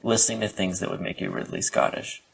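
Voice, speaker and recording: Gravelly low-voiced man chatting. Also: big pitch swings, fast, low-quality recording. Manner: rambling, jokey, many fillers. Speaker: podcast co-host. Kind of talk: casual chat.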